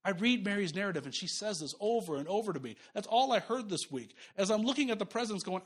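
A man in his thirties preaching a sermon, playful and animated, acting out voices with sudden swings in pitch and volume. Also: fast, few pauses. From Jamaica. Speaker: pastor.

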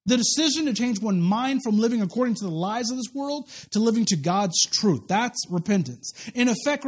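A man pastor preaching a sermon in a conversational, story-telling way, often repeating and restarting words, with self-deprecating humor. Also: extremely high pitch.

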